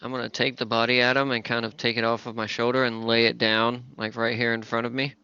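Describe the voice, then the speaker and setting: A man's voice: medium pitch, level tone, quick pace, bright, forceful tone, clean tone, no room sound. A man playing a tabletop game, speaking bluntly in and out of character. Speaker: player. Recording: slightly muffled, dry audio.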